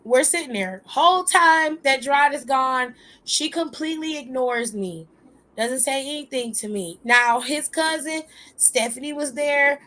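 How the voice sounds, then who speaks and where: A woman hosting a talk show, retelling a personal story in a lively, animated way, with asides to her listeners. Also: high voice, measured pace. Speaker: host.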